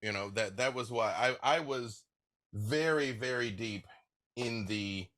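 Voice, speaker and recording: A man, a game master being interviewed, chatting casually and telling stories in an animated way, laughing often. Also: mid-range voice, unhurried, no echo, clean studio sound.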